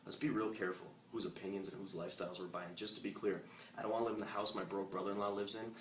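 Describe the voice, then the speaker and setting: Man, low voice, rapid-fire motivational pitch, joking and fired up, echoey room heard from a distant mic. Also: steady tone, a bit bright, slight background noise. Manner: punchy, joking, fired-up delivery. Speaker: network marketing presenter. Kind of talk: motivational recruiting talk. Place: meeting room with a live audience.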